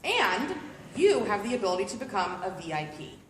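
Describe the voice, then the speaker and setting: A woman's voice: medium pitch, big pitch swings, brisk, a little hiss or hum. A woman working as a party sales consultant, giving a playful, chatty live product demo to a group of guests at a home party. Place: living room at a home party. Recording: roomy room recording.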